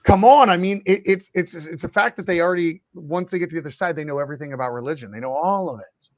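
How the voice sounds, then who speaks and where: A middle-aged man holds forth on a podcast with a fairly high, excitable voice. He rants in quick animated bursts, and his audio is dry and a little dull. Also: no room sound. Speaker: podcast co-host. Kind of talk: casual podcast chat.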